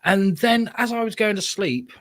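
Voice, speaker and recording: A man's voice: sits high, animated, moderate pace, a bit bright, no room sound. A man with a British accent chats as a podcast guest, and his voice sounds dry and close. He tells stories with playful flair and acts out what went through his head. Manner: playful storyteller, acts out his own thoughts. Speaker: guest, comic book creator. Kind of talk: casual chat.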